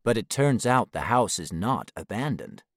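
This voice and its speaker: A man reading a children's storybook aloud, expressive and dropping low on the speech tags. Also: normal speed, no echo, clean studio sound. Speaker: narrator.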